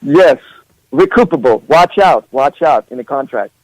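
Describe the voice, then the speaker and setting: A man's voice: mid-range voice, lively intonation, moderate pace, a little mellow, dry recording, low-quality recording. Swedish-native man, playful guest. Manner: playful, laughs often, hesitant fillers. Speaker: musician guest. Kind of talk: casual radio interview.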